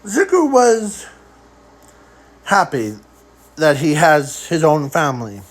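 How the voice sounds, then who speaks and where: A man improvising a fan story aloud in a rambling, halting way, often trailing off. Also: on the high side, wildly swooping pitch, low-quality recording.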